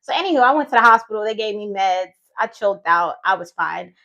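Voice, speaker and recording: Talking fast with lively intonation, a woman from the United States in her thirties shares her own story in a casual vlog, her mid-range voice pushed and bright on lo-fi audio. She's a vlogger and retreat host, chatty and heartfelt, occasionally speaking her past thoughts aloud.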